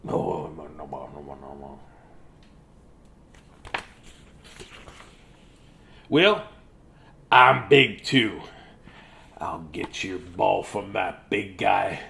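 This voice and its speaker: A man voicing a big, gentle, worried male elephant in a storybook, speaking low and slow. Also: animated, gravelly, full character voice. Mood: determined.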